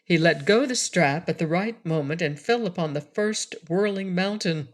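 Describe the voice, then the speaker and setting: A woman narrating a children's audiobook in a slow, even, clear reading voice. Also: on the low side. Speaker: audiobook reader.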